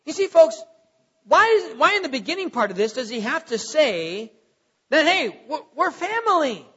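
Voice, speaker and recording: A male pastor preaching a sermon, animated, firing off rhetorical questions and chuckling at his own jokes. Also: very high-pitched, moderate pace, slightly rough, dull audio.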